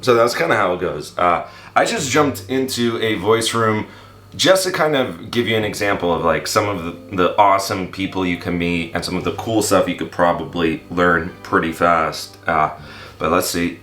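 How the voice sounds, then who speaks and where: A man's voice: sits low, fairly bright tone, roomy sound. A man hosting a language-learning vlog, chatting casually with many fillers and restarts. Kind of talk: casual chat in an app voice room.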